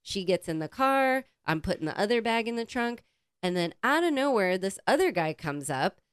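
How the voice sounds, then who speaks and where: A woman co-hosting a podcast, telling a casual story in a lively, swearing, animated way and acting out the quotes. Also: mid-range voice, moderate pace, smooth, no echo, clean studio sound. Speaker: podcast co-host.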